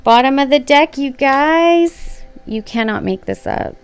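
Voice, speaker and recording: A woman's voice: high voice, a little slow, soft background music. A woman doing a casual spoken tarot reading at home, gushing and affirming as she talks straight to her viewers. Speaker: tarot reader. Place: home room at a reading table.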